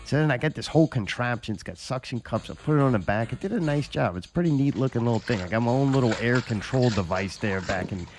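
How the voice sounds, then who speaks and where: A man's voice: mid-range voice, lively intonation, fast talker, hardly any pauses, darkish tone. A man hosting a podcast, telling a long, profane, rambling story in casual chat. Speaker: podcast host.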